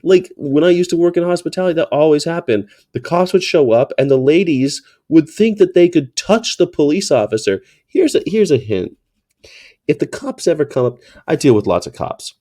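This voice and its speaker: A man's voice: a little high, animated, normal speed, dark tone. Rambling profane male storyteller. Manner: rambling, profane, frequent restarts. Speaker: comedian. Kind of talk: comedic storytelling monologue.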